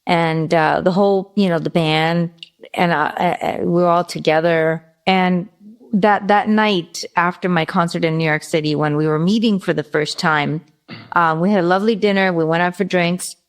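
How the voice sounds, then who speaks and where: A middle-aged woman tells a winding story in a podcast interview, stopping to restart and fix her wording. Her voice sits on the lower side for a woman. It comes across as unhurried and conversational. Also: steady tone. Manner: rambling, self-correcting storyteller. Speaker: guest vocalist.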